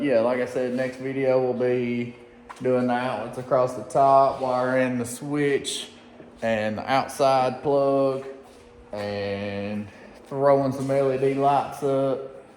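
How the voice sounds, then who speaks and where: A man, chatting excitedly and folksily in a casual DIY vlog from his unfinished workshop. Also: medium pitch, a little hiss or hum. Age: 30s. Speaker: DIY vlogger. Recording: echoey reverberant shop room.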